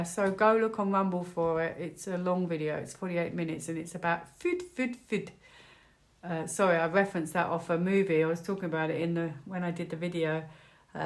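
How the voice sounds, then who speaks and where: Rambling, lowish-voiced British woman. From United Kingdom. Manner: rambling, chatty, many fillers. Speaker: tarot reader. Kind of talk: casual tarot reading vlog.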